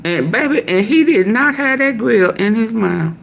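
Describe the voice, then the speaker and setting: A woman giving casual gossip commentary, animated and laughing often. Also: normal speed, vocal fry, slight background noise. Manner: animated, laughs often, mimics with shrieking high voice. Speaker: commentary vlogger.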